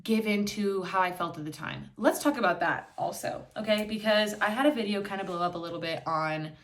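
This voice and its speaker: A woman's voice: medium pitch, brisk, a bit bright. Blunt, swearing young woman podcaster. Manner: blunt, casual, swears freely, acts out quoted voices. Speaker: podcast host. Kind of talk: candid solo podcast talk. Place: indoors, filming herself on camera.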